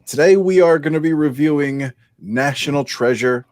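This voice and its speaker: This is a man hosting a casual film debate in a measured, friendly way, and he laughs easily. His voice sits at an ordinary pitch, and the recording is dry and close. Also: a little mellow, dry recording. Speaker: host.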